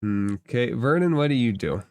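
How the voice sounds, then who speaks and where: A man narrating a tabletop game as game master, slow and deliberate. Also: mid-range voice, expressive, no echo.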